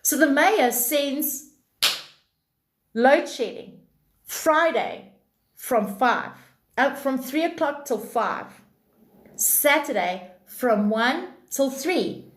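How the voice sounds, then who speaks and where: A woman with a bright, high-pitched voice hosts a live stream, chatting about spiritual ideas. She is blunt and animated and swears freely. The room around her has a clear echo. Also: very slow, pauses often, slight background noise. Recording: echoey room.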